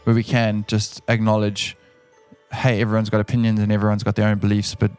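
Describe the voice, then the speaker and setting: A man from South Africa with a South African accent, co-hosting a podcast in casual chat, earnest and repeating himself, getting animated when he insists on a point. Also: fairly low pitch, brisk, clean tone, faint music behind. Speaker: podcast co-host.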